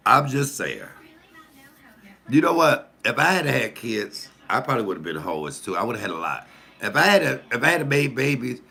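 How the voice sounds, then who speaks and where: Sex: man. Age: 50s. Style: casual comic storytelling, gravelly and bright, animated, with high loud outbursts. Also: moderate pace. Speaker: comedian storyteller.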